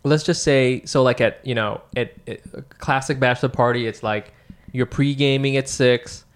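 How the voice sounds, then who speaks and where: A man's voice: mid-range voice, fairly even intonation, moderate pace, clean tone. A young man co-hosting a casual chat, joking and swearing freely as he tells stories.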